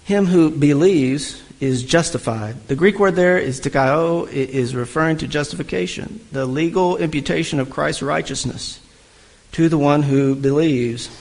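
Preacher, man, slightly high voice, reads a verse then quizzes the hearers. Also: moderate pace, gravelly, poor audio. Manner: asks the listeners questions and answers them himself; reads scripture aloud, then comments on it. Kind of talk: expository sermon teaching.

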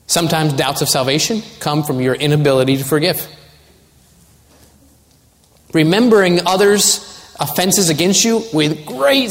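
A fairly high-voiced man preaches a sermon with earnest conviction, building to urgent warnings. His voice carries a long reverb, as if it fills a large hall. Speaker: pastor.

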